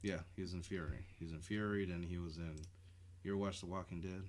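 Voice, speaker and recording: Deep-voiced man swearing in casual chat. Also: fast talker. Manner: swearing, animated when riled up. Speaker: podcast co-host.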